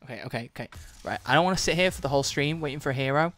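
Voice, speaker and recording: A young man streaming a video game live, excitable and swearing a lot as he comments. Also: a little high, racing. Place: home gaming setup at a desk.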